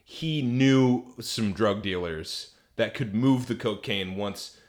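A man co-hosting a podcast, telling a story in crude, animated casual chat with lots of fillers. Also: on the low side, slow. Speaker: podcast co-host.

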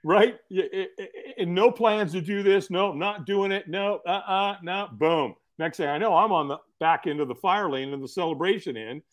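Male podcast guest, high and very expressive; casual, animated storyteller who acts out the other people in his story. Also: normal speed, few pauses. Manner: animated storyteller who acts out quoted voices, laughs often, swears casually.

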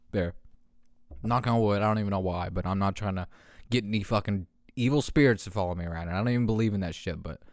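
With a mid-range voice captured at studio quality and free of echo, this young podcast host talks on his own. He wanders through profane, casual chatter and keeps cracking himself up.

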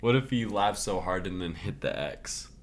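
A man co-hosting a podcast in casual comedic chat, tossing in quick joking questions and remarks. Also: deep voice, expressive, a crowd in the background.

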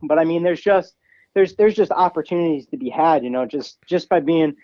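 A young man, a guest on a podcast, telling a story in a casual, animated way and putting on a higher voice when he quotes other people. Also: fairly quick, no room sound, lo-fi sound. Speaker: guest, ATV racer.

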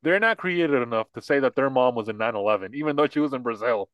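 A man co-hosting a podcast, chatting casually about politics in an animated, mocking, joking way. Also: medium pitch, fast, clean tone, no echo, low-quality recording. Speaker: podcast co-host.

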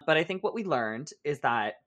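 A man's voice: on the high side, moderate pace. A man co-hosting a podcast in casual chat, telling a story animatedly with lots of fillers. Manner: animated storyteller, many fillers, acts out quotes. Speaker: podcast co-host.

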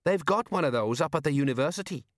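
A man's voice: fairly high pitch, animated, fast talker, no room sound, clean studio sound, voice pushed up, close to an everyday voice. A man voicing a bumbling, flustered middle-aged sergeant in an audiobook. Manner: flustered, eager to please.

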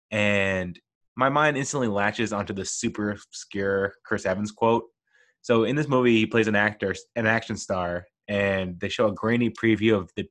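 A man's voice: on the low side, a bit bright. A man hosting his own podcast, talking alone and gushing with enthusiasm about things he loves. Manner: gushing, enthusiastic fan talk. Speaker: podcast host. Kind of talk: casual solo podcast monologue.

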